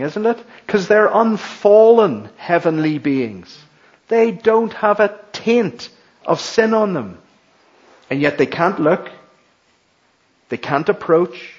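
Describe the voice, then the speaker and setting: A man preaches a sermon at a slow, deliberate pace, leaning hard on repeated words. His voice sits a little high for a man. The recording sounds dull and lo-fi. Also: breathy edge. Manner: slow, emphatic preaching with dramatic repetition.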